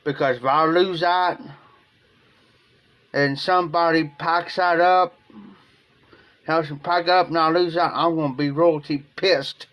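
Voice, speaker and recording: A man's voice: fairly high pitch, fairly even intonation, measured pace, pauses often, fairly bright tone. A man from Ohio talking casually on a livestream in a rambling, emotional way, often repeating himself. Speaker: live streamer.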